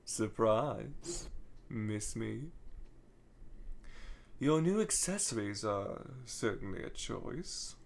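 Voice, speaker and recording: A man voicing a sinister, mocking male phantom from a comic, speaking low and hushed with a sneer. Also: animated, very slow, gravelly, pauses often, heavily acted.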